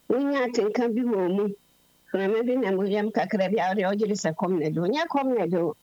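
A woman preaching a sermon in an unhurried, explanatory way, switching freely between languages. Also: mid-range voice, darkish tone, no echo. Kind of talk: sermon mixing Twi and English. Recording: dull lo-fi recording.

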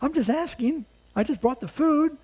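A man's voice: very high-pitched, normal speed, a little mellow, pitched above the performer's own voice. A man voicing a young shepherd boy, indignant and eager, asking pleading, outraged questions.

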